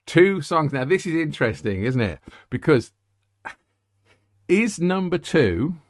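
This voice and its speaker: A man's voice: on the high side, sing-song, measured pace, dry recording. A middle-aged man hosting a music show, rambling, joking and interrupting himself. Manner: rambling, jokey, self-interrupting. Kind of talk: casual chat.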